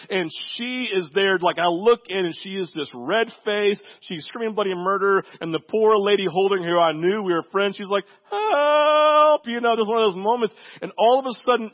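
Conversational male pastor preaching, lo-fi. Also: sits high. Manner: conversational preaching, frequent "right?" asides. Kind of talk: sermon.

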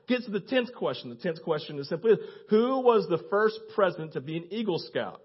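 A pastor with a high, slightly husky voice preaches to his church, telling animated stories, acting out each character's lines and laughing often. He speaks fairly quickly with hardly any pauses. The recording sounds dull and lo-fi.

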